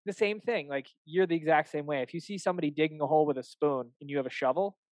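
A young man talks shop as a fitness coach, animated and loose, slipping into quick acted-out exchanges with clients. His voice sits a touch high for a man. The sound is dry and close with no room around it. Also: dry recording, rough recording. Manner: animated, acts out client dialogues, swears casually. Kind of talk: casual podcast chat.

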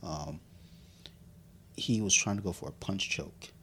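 Deep-voiced man, profane and tipsy. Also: unhurried, pushed and bright, slightly rough. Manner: profane, laughing, storytelling. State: a little drunk. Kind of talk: casual chat.

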